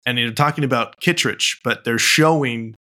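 A man co-hosting a podcast, speaking in a relaxed, conversational way. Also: medium pitch, normal speed. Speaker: podcast co-host. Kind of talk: casual chat.

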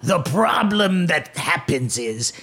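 A sneering orc with a gravelly, crackling growl, as a man puts him on, drawling slowly with a sharp, bright edge. His voice sits high and swings widely as he spits out insults at the players. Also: sing-song, full character voice. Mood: scornful. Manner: slow, scornful, barking insults. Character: menacing gravelly orc, contemptuous. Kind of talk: tabletop game voice acting.

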